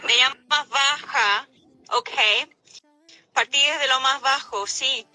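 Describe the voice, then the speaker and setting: A woman with a very bright, high, cutting voice talks with proud insistence about her training. The sound is close and dry, with faint music underneath. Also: measured pace, no echo, low-quality recording. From Chile. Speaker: medical interpreter. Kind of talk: defensive self-justifying clip.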